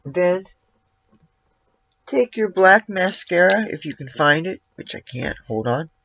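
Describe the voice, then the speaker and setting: A man's voice: high-pitched, creaky, sharp tone. A man giving a casual makeup tutorial at home, rambling and breaking off to talk to his cat. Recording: dull lo-fi, dry sound.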